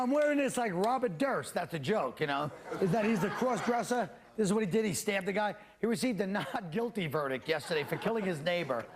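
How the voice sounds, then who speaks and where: A man hosting a comedy panel show, delivering a sardonic, mock-alarmed stand-up monologue before a live studio audience. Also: high-pitched. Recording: studio audience laughter and noise.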